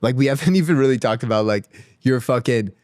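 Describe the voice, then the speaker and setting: A man's voice: medium pitch, fast, a little mellow, no room sound, clean studio sound. A man hosting a podcast, asking casual, encouraging questions. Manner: casual, encouraging, swears freely. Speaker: podcast host. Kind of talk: interview questions.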